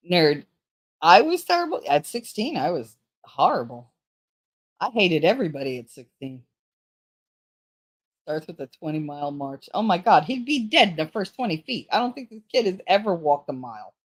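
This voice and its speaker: Woman, middle-aged, casual livestream chat, profane, laughs often. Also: low-pitched. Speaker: livestream host.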